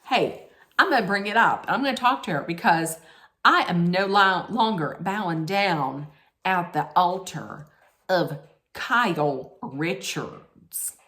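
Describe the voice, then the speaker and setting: A woman's voice: lowish voice, animated, slow pace, pushed and bright, full character voice. A woman putting on an exaggerated Southern accent to mimic a castmate, drawing the words out. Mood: defiant. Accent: put-on Southern US.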